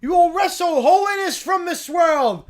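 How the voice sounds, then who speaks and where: A man voicing a fanatical young male bear who preaches and shouts commands at his followers, reading a comedy story aloud on a livestream. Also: expressive, measured pace. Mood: zealous preaching. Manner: booming, declaiming sermon-like commands.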